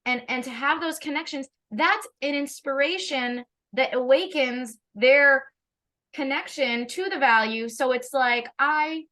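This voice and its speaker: A woman's voice: high voice, measured pace, sharp tone. A woman, a parenting educator, in a casual conversation, talking animatedly with frequent restarts and laughs.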